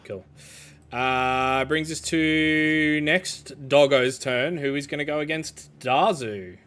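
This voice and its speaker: An Australian man running a tabletop game as dungeon master, laid-back and full of ums and quick "cool"s. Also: fairly high pitch, a bit bright, clean tone.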